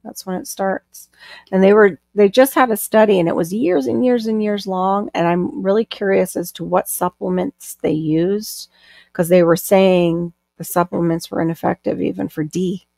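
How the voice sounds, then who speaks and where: A woman's voice: medium pitch, moderate pace, creaky, a little mellow, no echo, clean studio sound. A woman co-hosting a casual live stream, chatting, reading out viewer comments and laughing often.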